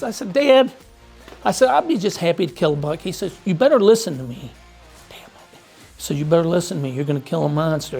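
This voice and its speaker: A man's voice: fairly high pitch, vocal fry. A man from Michigan telling his hunting story in a plainspoken, folksy way, often repeating himself. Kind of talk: casual storytelling.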